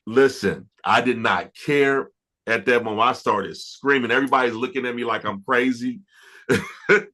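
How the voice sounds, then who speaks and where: A middle-aged man, an R&B producer, telling stories in a casual interview, animated and stumbling over restarts. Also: medium pitch, moderate pace. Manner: animated, laughing storyteller with many restarts.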